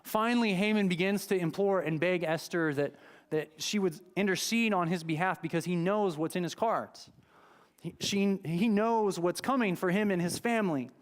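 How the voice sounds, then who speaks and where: A man's voice: sits high, normal speed. A man preaching in a church, retelling a scripture story in a conversational, dramatic way. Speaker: pastor. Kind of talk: sermon. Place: church sanctuary.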